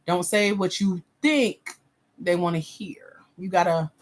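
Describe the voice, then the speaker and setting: A woman with a fairly low voice speaks slowly. She hosts a livestream as a grant coach, reading out viewer comments and answering them with blunt, sassy feedback in casual slang.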